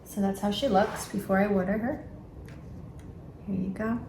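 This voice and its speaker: A woman with a New York accent talks viewers through plant care in a loose, chatty way, often stopping to correct herself. Her voice sits at an ordinary middle pitch. The room sounds echoey, and a steady background noise runs under her voice. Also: normal speed, creaky. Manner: chatty, with frequent fillers and self-corrections. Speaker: plant vlogger. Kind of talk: casual how-to vlog.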